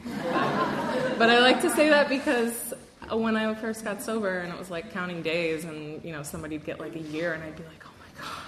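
A woman's voice: fairly low pitch, moderate pace, reverberant, a crowd in the background, noisy background. A young woman from Wisconsin giving a candid, self-deprecating personal testimony at a recovery meeting, with a lot of fillers and laughter.

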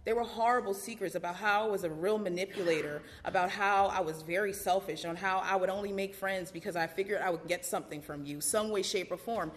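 A woman tells her own recovery story in a candid, conversational way. She talks loosely, with many fillers and laughs breaking through, at a middle pitch. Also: brisk, few pauses, slight background noise. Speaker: recovery meeting speaker. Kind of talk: personal testimony.

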